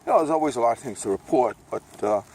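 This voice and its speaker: A man's voice: mid-range voice, animated, rapid-fire. An older man from Brooklyn with a Brooklyn accent, talking in a meandering, chatty, folksy way on a casual vlog walk, filmed on his phone outdoors. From Brooklyn, New York. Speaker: vlogger. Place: outdoors on a walk, by a road and railway. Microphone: phone camera. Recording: noisy outdoor phone recording. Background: outdoor noise.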